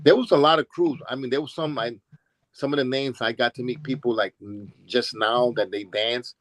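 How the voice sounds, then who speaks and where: Here the former b-boy from Brooklyn has a mid-range, fairly bright voice, a steady tone and normal speed, recorded without echo. With his New York accent, he tells meandering interview stories, often starting over and acting out quotes.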